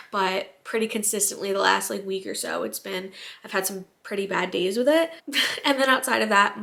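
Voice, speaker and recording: A woman's voice: medium pitch, fairly bright tone. Young woman vlogger, late pregnancy, tired, casual and filler-heavy talk to camera. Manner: chatty, rambling, filler-heavy with frequent "like".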